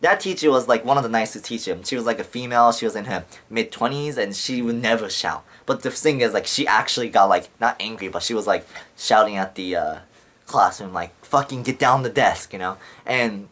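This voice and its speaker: A man's voice: on the low side, brisk, a bit bright. Young man rambling with heavy swearing. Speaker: vlogger. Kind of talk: casual storytelling to camera.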